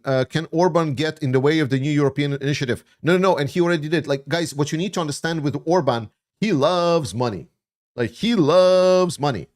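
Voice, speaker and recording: A man's voice: medium pitch, darkish tone. Blunt, chatty man streaming live. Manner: blunt and opinionated, heavy on fillers like "like" and "uh". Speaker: livestream host answering viewer chat. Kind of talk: casual livestream chat.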